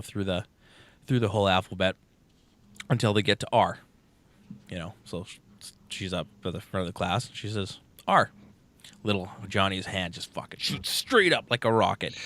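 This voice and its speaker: A man's voice: on the low side, fairly bright tone, no echo. A young man co-hosting a podcast, telling a long crude joke casually, swearing often and acting out the characters. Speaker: podcast co-host.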